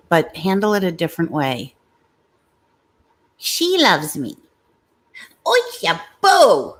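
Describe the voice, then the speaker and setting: A woman's voice: fairly low pitch, darkish tone. A middle-aged woman hosting a casual livestream, blunt and confrontational with commenters, swearing freely. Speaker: livestream host.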